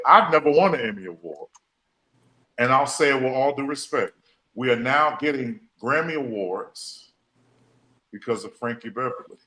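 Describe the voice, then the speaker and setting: A man's voice: mid-range voice, expressive, moderate pace, sharp tone, slight background noise, low-quality recording. A man hosting a podcast, speaking, repeating phrases and using folksy slang. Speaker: podcast host. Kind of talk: emotional motivational talk.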